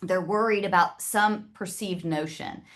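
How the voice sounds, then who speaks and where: A woman's voice: medium pitch, measured pace, fairly bright tone. A woman from the American South with a Southern accent, presenting to an audience in a chatty, direct way. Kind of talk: casual talk to an audience.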